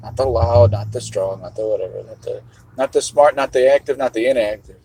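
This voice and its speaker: A man's voice: mid-range voice, steady tone, brisk, vocal fry, dark tone, husky, rough recording. A middle-aged man vlogging in a casual livestream monologue, rambling and musing with a half-joking tone.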